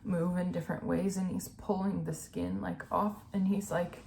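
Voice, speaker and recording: A woman's voice: fairly low pitch, level tone, normal speed, vocal fry, warm tone, slight background noise. A young adult woman speaking candidly and emotionally in a personal vlog, full of "like" and "you know". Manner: earnest, emotional, filler-heavy with "like" and "you know". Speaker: vlogger.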